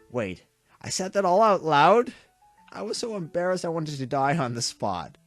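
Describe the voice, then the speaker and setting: A man reading a visual novel aloud with dramatic delivery and quick reactions. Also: medium pitch, very animated, faint music behind. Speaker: game streamer.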